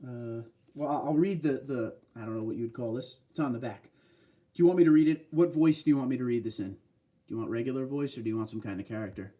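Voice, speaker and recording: A man's voice: mid-range voice, fast talker, dark tone, distant mic. A man hosting a casual livestream, chatting loosely and answering viewer comments. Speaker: livestream host. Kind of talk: casual live stream chat.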